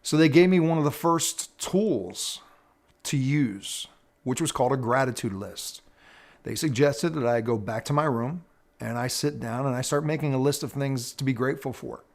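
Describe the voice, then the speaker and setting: Earnest middle-aged man telling his story. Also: mid-range voice. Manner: earnest, measured, storytelling with pauses. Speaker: personal development teacher. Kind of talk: reflective personal talk to camera.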